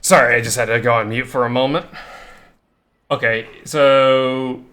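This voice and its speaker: Man player, bright and hesitant. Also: mid-range voice, steady tone, a little slow, slight background noise. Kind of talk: casual game talk.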